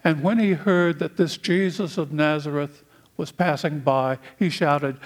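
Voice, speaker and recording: A man from the United States preaching a sermon, speaking in slow, deliberate phrases with long pauses. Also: a little high.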